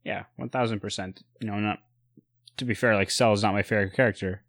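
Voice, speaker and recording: A man co-hosting a casual chat about sneakers and streetwear, relaxed, with lots of fillers and restarts. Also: on the low side, fast, creaky, no room sound. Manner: relaxed, many fillers and restarts, giving buying advice.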